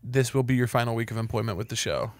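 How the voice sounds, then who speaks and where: सपाट, रूखे अंदाज़ वाला पॉडकास्ट होस्ट. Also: male voice, mid-range voice, quick pace, no echo. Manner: deadpan, calmly describing absurd violence. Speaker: podcast host. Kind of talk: casual comedic chat.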